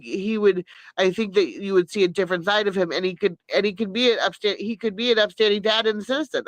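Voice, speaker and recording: A woman's voice: medium pitch, no echo, poor audio. Middle-aged woman, candid live-stream chat, earnest and rambling, dry close mic. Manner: rambling, frequent restarts and self-corrections.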